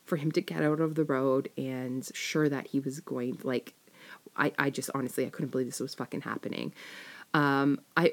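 A woman casually telling a personal story, rambling with many fillers and self-corrections. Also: deep voice. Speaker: storyteller sharing a personal experience.

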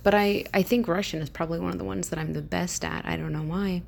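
A woman's voice: on the low side, fairly even intonation, fast talker, vocal fry, a little mellow, a little hiss or hum. A woman talking in a casual, rambling monologue, hesitant with many fillers and sometimes dropping into a whisper. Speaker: vlogger.

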